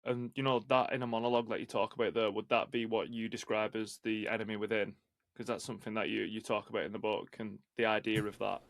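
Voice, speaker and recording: A man hosting a podcast conversation in a low, fairly flat voice. He speaks reflectively and in a measured way, and the sound is dry and close. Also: gravelly, dry recording. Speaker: podcast host. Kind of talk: conversational interview.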